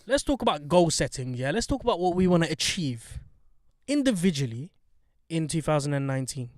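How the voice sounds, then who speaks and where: A man's voice: fairly high pitch, sing-song, brisk, dry recording, studio quality. A man co-hosting a podcast from a parked car, chatting in slang and joking around. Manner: joking, slangy, hypes things up. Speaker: podcast co-host. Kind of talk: casual chat. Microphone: handheld mic.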